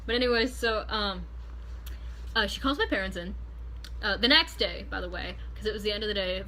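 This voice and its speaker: Bright-voiced woman telling a story. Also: mid-range voice, a little hiss or hum. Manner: animated, profane storytelling. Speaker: vlogger. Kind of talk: storytime vlog. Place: hotel room.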